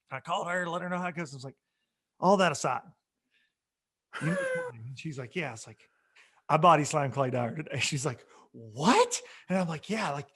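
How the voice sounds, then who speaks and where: High-voiced laughing man. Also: a bit bright. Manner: laughing, rambling storyteller. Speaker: podcast co-host. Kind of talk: casual storytelling chat.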